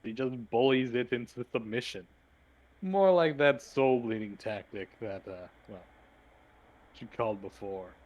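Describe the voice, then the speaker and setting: A man's voice: mid-range voice, measured pace, muffled recording, lightly acted. A man voicing a sly, mocking floating male spirit with a sardonic drawl.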